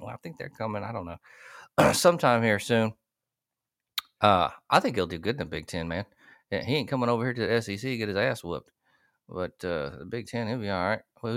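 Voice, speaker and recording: A man's voice: fairly low pitch, a bit bright, no room sound, studio quality. A man hosting a casual podcast, cursing freely in a laid-back way. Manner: profane, laid-back storytelling. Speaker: host.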